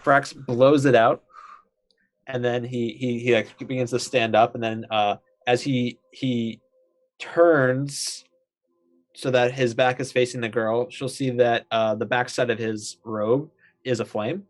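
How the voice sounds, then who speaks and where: A man describes his character's moves in a tabletop game, haltingly. He talks slowly and takes his time. His voice is mid-pitched. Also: steady tone. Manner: hesitant, descriptive. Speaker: player.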